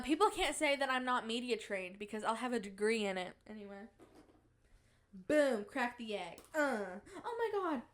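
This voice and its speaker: A woman's voice: a little high, fairly bright tone. A young woman hosting a podcast in casual chat, playful and giggly, bragging in a mock-dramatic way. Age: young adult. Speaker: podcast host.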